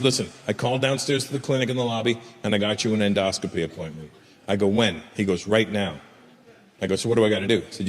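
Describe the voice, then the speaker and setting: Stand-up comic man in an echoing hall. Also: fairly low pitch. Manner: storytelling with acted dialogue and crude jokes. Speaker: stand-up comedian. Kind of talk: stand-up comedy set. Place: large live venue with laughing audience. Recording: roomy echoing hall, faint ambience.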